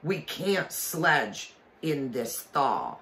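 A reader voicing a grumbling male dwarf servant, gruff and complaining. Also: medium pitch, huge pitch swings, extremely slow, a bit bright, reverberant, heavily acted.

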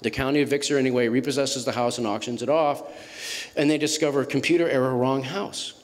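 A man in his fifties tells stories to an audience in an animated way, stopping and restarting mid-sentence. He has a mid-range voice, and a long hall reverb trails behind it. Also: medium pitch, fast. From Massachusetts. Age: 50s. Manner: animated anecdotal storytelling, restarts. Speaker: author speaking at a book event. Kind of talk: storytelling talk to an audience.

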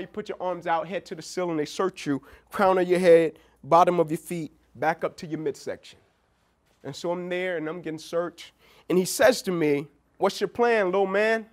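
A man giving a motivational keynote speech, telling stories and acting out what people said. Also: sits high. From Atlanta, USA. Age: young adult. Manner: storytelling, animated, quoting people in dialogue. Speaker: keynote speaker. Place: large event venue.

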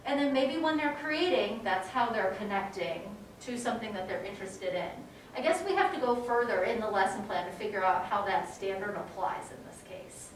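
A woman teaching a music education class in a casual, animated way, now and then singing short rhymes. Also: mid-range voice, moderate pace, few pauses, a little hiss or hum. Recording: echoey room, mic from a distance.

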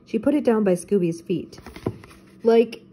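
An older woman, a teacher, reading a children's storybook aloud in a steady, clear way. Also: medium pitch, moderate pace, slight background noise.

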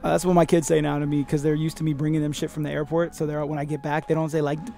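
Creaky high-pitched man riffing profanely. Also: quick pace, hardly any pauses, soft background music. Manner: profane, animated, puts on voices when quoting people. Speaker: podcast host. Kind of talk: comedic headline reading and riffing.

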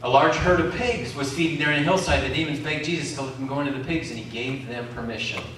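A man's voice: mid-range voice, fast, fairly bright tone, a little hiss or hum. A man preaching a sermon, calling out questions to the congregation. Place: community centre hall. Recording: echoey hall from far off.

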